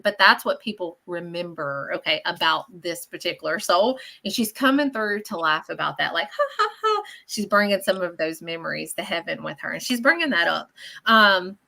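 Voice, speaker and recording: Woman psychic, bright, forceful tone, chatty and reassuring. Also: mid-range voice. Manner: chatty and animated, often checking in with "okay?". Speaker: psychic medium giving live readings. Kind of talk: live radio show reading.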